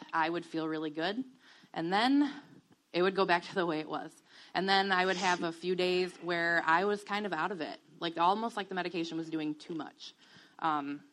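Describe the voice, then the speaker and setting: A woman in her thirties tells her own story in a candid, reflective way. Her voice sits a little low. She pauses often with "um" and lets out soft laughs as she goes. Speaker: guest sharing a testimony. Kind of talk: personal testimony, casual.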